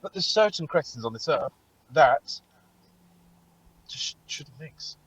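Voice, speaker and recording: A man's voice: on the high side, slow pace, slightly rough, no room sound, low-quality recording. A man co-hosting a casual podcast and telling stories animatedly, swearing a lot. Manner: animated storytelling, heavy swearing. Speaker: podcast co-host. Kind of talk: casual chat.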